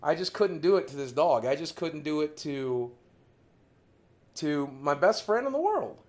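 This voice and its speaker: A man's voice: on the high side, very animated, unhurried. A man hosting a livestream from his studio, talking in an earnest, heartfelt, confessional way with emphatic repetition. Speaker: livestream host.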